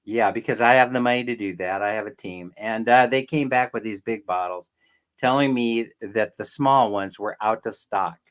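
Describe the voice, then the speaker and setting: A man's voice: lowish voice, normal speed, a bit bright, clean tone. Californian man, middle-aged, livestream host, rambling, laughs a lot, greets chat. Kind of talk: casual live-stream chat with viewers.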